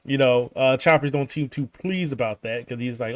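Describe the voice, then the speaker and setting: A man at an ordinary middle pitch runs through a comic chapter in an easygoing spoken recap. He fills the gaps with fillers, restarts his sentences and laughs softly to himself. The recording is dry, with no room sound at all. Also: normal speed, no echo. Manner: rambling, filler-heavy, frequent restarts and chuckles. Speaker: gaming channel host recapping a manga chapter. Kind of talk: casual spoken recap over gameplay.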